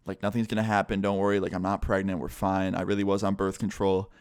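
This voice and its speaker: A man's voice: deep voice, monotone, fast talker, darkish tone, clean tone, dry recording, clean studio sound. A man quoting his young ex-girlfriend in his own voice, rambling and apologetic with lots of fillers. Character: upset young ex-girlfriend pleading.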